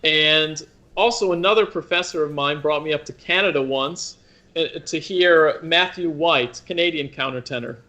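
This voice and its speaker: A man's voice: on the high side, normal speed, sharp tone. A man in his thirties from the United States, an opera singer as the guest in a conversational interview, talking thoughtfully with many restarts.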